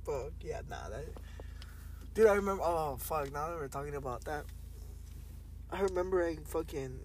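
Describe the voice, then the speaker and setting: A man's voice: fairly high pitch, animated, moderate pace, slight background noise, poor audio. A young man on a podcast chatting casually, brash and boastful, full of slang and "bro". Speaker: podcast co-host. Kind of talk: casual chat.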